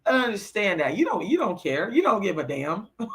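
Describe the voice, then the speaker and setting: A woman's voice: mid-range voice, sing-song, brisk. A woman on a livestream answering her chat, moving between lecturing and blunt, profane venting as she gets worked up. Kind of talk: heated livestream rant.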